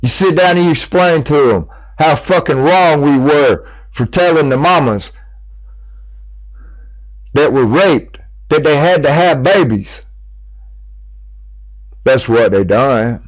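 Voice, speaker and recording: A middle-aged American man from the United States delivers a heated, profane monologue as a public appeal. His voice is on the high side and expressive, taking it slowly with long pauses. The recording is dull and lo-fi, with no room sound.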